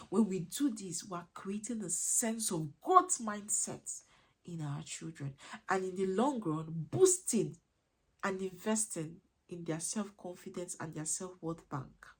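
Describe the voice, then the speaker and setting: A woman with a mid-range, slightly rough voice gives an earnest parenting lesson as a coach. In this motivational teaching talk, she drives her points home with repeated rhetorical questions.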